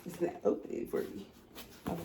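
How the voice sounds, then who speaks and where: A young adult woman vlogger talks straight to her viewers in a chatty, emotional home vlog, doing a casual unboxing. She speaks a little fast, and there is heavy background noise.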